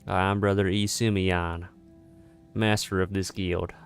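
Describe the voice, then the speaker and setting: A man voicing a solemn male guildmaster of healing mages in a put-on general Southern US accent, reading game dialogue aloud with formal, measured delivery. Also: low-pitched, level tone, clean tone, faint music behind.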